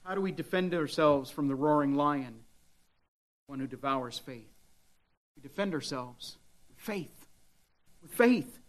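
A man's voice: a little high, measured pace, long pauses. A man preaching a sermon with dramatic delivery, at times voicing the devil's taunts. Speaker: pastor.

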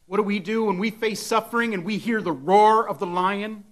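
A man's voice: sits high, normal speed. A man preaching a sermon with dramatic delivery, at times voicing the devil's taunts. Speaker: pastor.

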